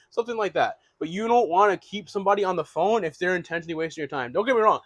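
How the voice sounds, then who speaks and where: A young man giving a casual, energetic real estate lesson, restarting phrases and swearing now and then. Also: high-pitched, racing, few pauses, no echo. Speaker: real estate wholesaling instructor.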